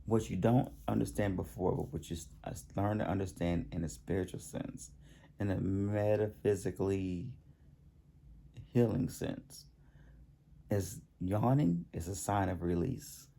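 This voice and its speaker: A man giving a spiritual healing talk to the camera, halting and repeating himself, often pausing to excuse himself and yawn. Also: deep voice, gravelly, mellow. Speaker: self-help channel host.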